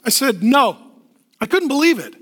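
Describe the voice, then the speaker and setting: A middle-aged male pastor preaching a sermon, with emphatic rhythmic repetition and lively storytelling asides. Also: extremely high pitch, moderate pace.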